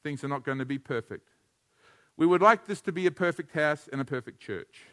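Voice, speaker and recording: A man preaching a sermon, animated, swinging from hushed to near-shouting and chuckling between points. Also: a little high, a little fast. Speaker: pastor.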